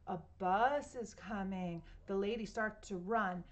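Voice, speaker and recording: A woman's voice: mid-range voice, measured pace, hardly any pauses. A woman reading a picture book aloud to children at home, playfully imitating sounds and asking her listeners questions. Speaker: storytime reader.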